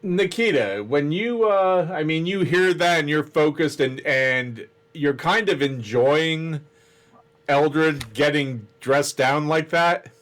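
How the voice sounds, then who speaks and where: A man's voice: on the high side, takes it slowly, a bit bright. A man narrating a tabletop role-playing game as game master.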